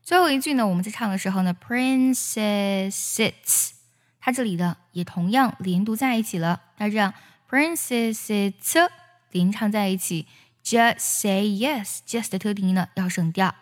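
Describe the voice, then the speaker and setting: A woman, a native Chinese speaker, teaching the pronunciation of English song lyrics: she explains linked and dropped sounds, then sings each line slowly. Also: medium pitch, in a large hall.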